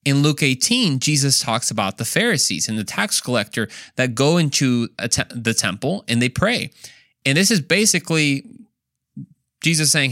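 A man's voice: medium pitch, very animated, normal speed, bright, forceful tone, dry recording, clean studio sound. Earnest man teaching a Bible lesson. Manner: earnest, emphatic, rising on key points, self-mocking asides. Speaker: Bible study podcast host.

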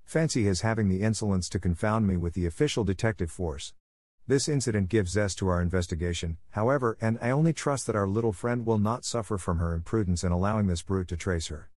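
A man doing a calm, wry detective. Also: on the low side, fast talker, no echo, clean studio sound, natural voice. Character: calm, sharp-witted male detective.

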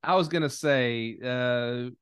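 Guy ranting casual on a podcast, cussing, mid pitch, dead dry sound. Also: slow, a bit bright, clear, resonant tone, no room sound. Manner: blunt, rambling, profane. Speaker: podcast host. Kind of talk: casual chat.

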